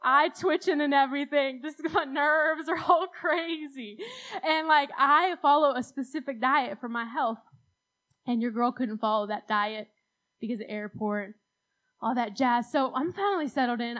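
A woman's voice: high voice, moderate pace, a bit bright, rough recording. A young woman telling a rambling, self-deprecating story at a church talk, laughing often. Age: young adult. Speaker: speaker at a church youth talk.

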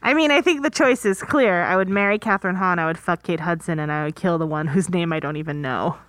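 A woman co-hosting a casual movie podcast, quick-witted and teasing with deadpan jokes. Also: on the low side, no room sound. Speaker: podcast co-host.

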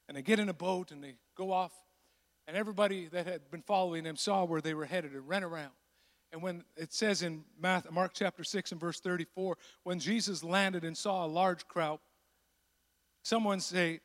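A male pastor delivers a sermon with a fairly high voice, lively and acting out the people in his story. His words ring out with a long reverb that fills the church around him. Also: normal speed. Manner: animated, acts out voices of the disciples.

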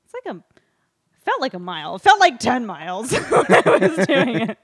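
A woman's voice: fairly high pitch, normal speed, crowd noise. A woman casually telling a personal story, laughing often and acting out the dialogue. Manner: laughing often, animated retelling with quoted dialogue.

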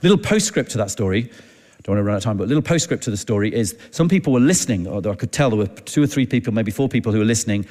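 A man preaching, telling a personal story in a chatty, halting way and acting out the dialogue. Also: on the low side, animated, a little mellow. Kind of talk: anecdotal sermon storytelling. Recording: long hall reverb.

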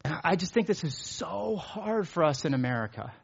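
A man with a slightly husky, fairly high voice delivers a sermon. His pitch is lively, climbing with emphasis and then sinking low. The recording sounds dull and lo-fi. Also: fairly quick. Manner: earnest, builds up then drops low for emphasis. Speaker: pastor.

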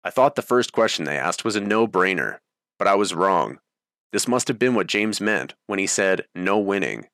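Low-voiced man reading a memoir. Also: lively intonation, normal speed, fairly bright tone, dry recording, clean studio sound. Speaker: audiobook narrator. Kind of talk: first-person memoir narration.

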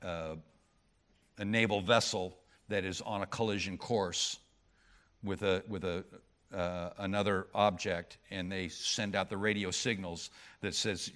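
A middle-aged man preaching a sermon as pastor, with frequent restarts, moving between loud emphatic peaks and quiet low asides. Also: steady tone, a little slow. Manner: frequent restarts and repeated words.

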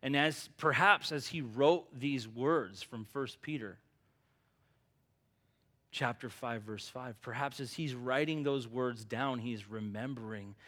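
A man's voice: mid-range voice, slow pace, fairly bright tone. A male pastor preaching a sermon in an earnest, emphatic, conversational way.

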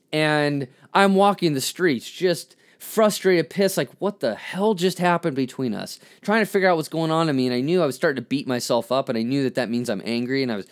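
Speaking at a medium pitch, a podcast host shares a candid personal story. He is halting and reflective, frequently restarting sentences, and comes across as frank and self-critical.

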